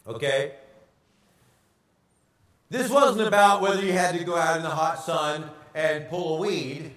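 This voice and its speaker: A pastor preaching a sermon, animated and asking the congregation rhetorical questions. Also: male voice, on the high side, unhurried, roomy sound, distant mic.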